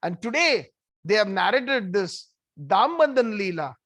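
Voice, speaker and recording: High-voiced man telling a devotional story. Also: a little slow, no room sound. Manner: animated, conversational, many asides. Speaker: devotional speaker.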